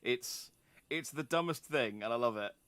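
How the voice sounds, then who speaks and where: A man's voice: mid-range voice, moderate pace, a bit bright, dry recording. A male streamer casually commenting on a game in a playful, joking way and laughing often. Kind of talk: let's play commentary.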